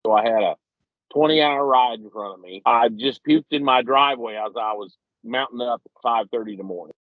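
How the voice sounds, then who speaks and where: A man's voice: mid-range voice, brisk, no room sound. A man, telling a long rambling, self-deprecating story while calling in to a podcast. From Missouri, USA. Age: 50s. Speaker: regular podcast guest. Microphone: phone call. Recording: muffled lo-fi call-in audio.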